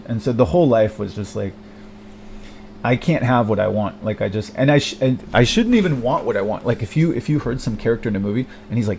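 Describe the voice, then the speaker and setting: Man, confessional monologue, mid-pitched voice, halting, rambling, self-deprecating, faint background hiss. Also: expressive, vocal fry, a little mellow. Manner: bitter, frequent swearing. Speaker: vlogger.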